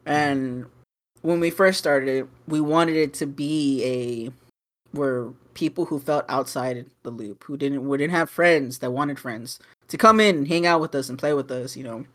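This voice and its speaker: Young man, podcast co-host, casual rambling chat, swears a lot, mid-pitched voice. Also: a little slow, a bit bright. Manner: rambling, profane, with fillers and restarts.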